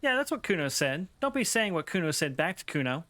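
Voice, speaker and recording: A man's voice: high voice, very animated, brisk, bright, forceful tone, full character voice. A man voicing a foul-mouthed, cocky young boy who swaggers and talks about himself in the third person. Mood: scornful.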